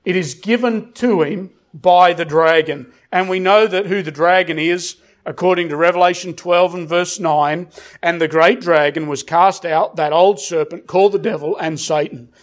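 A middle-aged man delivers a sermon in a fairly high voice. He hammers key words through repetition, and he drops into a slow, weighty cadence whenever he reads scripture. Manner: emphatic, repeats phrases, slows down for scripture. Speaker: pastor.

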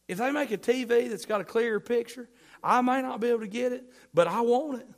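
A high-voiced man preaches a sermon from the pulpit. He talks with emphasis, swinging from loud bursts to quiet asides. He keeps asking his congregation questions. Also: brisk, gravelly. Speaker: pastor.

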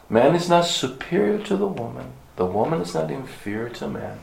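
Gravelly-voiced man preaching a sermon. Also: medium pitch, reverberant, poor audio. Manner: emphatic, repeats key words, uses fillers.

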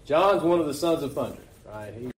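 Male preacher with a slightly high voice and a conversational sermon delivery; echoey hall recording. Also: expressive, a little fast. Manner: conversational, asks rhetorical questions. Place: church meeting hall.

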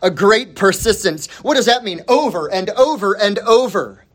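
A man preaching a sermon as pastor, emphatic, repeating key words and swinging between loud and hushed delivery. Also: sits high, lively intonation, moderate pace, slightly rough.

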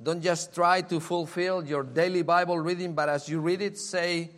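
A man's voice: fairly high pitch, steady tone, normal speed, few pauses, fairly bright tone. A man preaching a sermon, earnest and emphatic, repeating key phrases and asking rhetorical questions. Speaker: pastor.

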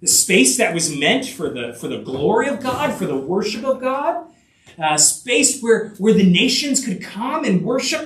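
A pastor preaching a sermon in a church, earnest, with many fillers and restarts, tossing in rhetorical asides and building to emphatic peaks. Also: male voice, high-pitched, sing-song, unhurried, a bit bright. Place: church sanctuary. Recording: echoey room, voice picked up from a distance.

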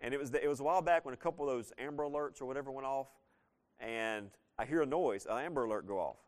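Man preaching in a conversational way. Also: mid-range voice. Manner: conversational storytelling, slows down to stress key phrases. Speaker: pastor. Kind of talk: sermon.

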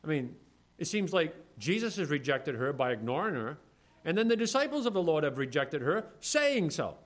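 A male pastor delivering a sermon in an animated way. His pitch sits a little high and rises and falls widely as he reads old scripture phrasing and then acts out the disciples in plain modern talk. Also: moderate pace.

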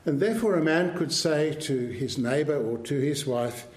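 A man preaching a sermon to his congregation with a measured, emphatic delivery. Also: fairly high pitch, darkish tone, reverberant. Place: church.

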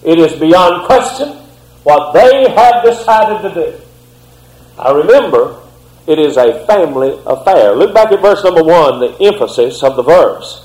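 A man delivers a sermon with impassioned swings in pitch and loudness. His voice sits fairly high for a man. An echoey room rings around his words. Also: animated, normal speed. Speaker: preacher.

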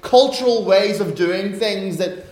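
An Irish man preaching a sermon as a pastor, chatty and anecdotal, poking gentle fun at himself. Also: high voice, unhurried. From Ireland. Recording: roomy echo.

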